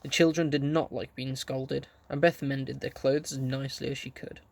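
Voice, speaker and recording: A man reading a children's story aloud, gently telling it and lightly voicing the characters. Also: mid-range voice, level tone, moderate pace, gravelly. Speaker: audiobook reader.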